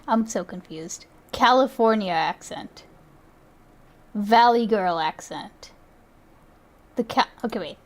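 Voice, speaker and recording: A woman's voice: medium pitch, lively intonation, slow pace, pauses often, a little hiss or hum. A woman streamer giving casual reaction commentary, chatty and often laughing.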